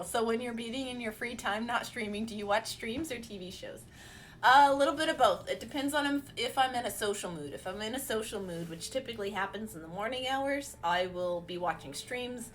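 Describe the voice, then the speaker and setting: A woman live streamer chatting casually with her viewers while beading, excitable and laughing often. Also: on the high side, a little hiss or hum. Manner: giggly, excitable, frequently laughing.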